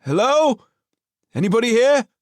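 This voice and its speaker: A man's voice: on the low side, expressive, normal speed, dry recording, studio quality, pitched above the performer's own voice. A man voicing an unsure, earnest teenage boy in an audiobook. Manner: earnest, questioning.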